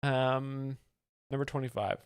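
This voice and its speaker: A man's voice: medium pitch, fairly even intonation, a little slow, noisy background. A man commenting on a live stream, explaining jokes in a dry, mock-expert way and reading out donations. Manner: dry, faux-serious explaining, reads donations.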